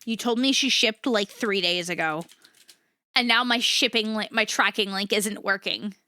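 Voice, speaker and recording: A woman's voice: mid-range voice, moderate pace, sharp tone, dry recording, clean studio sound. A woman streamer chatting casually, ranting and swearing freely in a jokey, self-mocking way. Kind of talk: casual chat.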